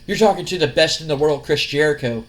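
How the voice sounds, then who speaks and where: A man's voice: a little high, fast talker, fairly bright tone, close to an everyday voice. A man voicing a cocky, boastful male wrestler in a taunting manner while narrating a wrestling sim game. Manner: taunting, brash.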